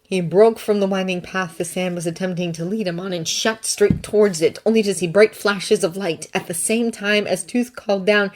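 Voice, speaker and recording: Woman, audiobook narrator, steady storytelling, mid pitch. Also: moderate pace, few pauses, a little hiss or hum. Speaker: fanfiction narrator.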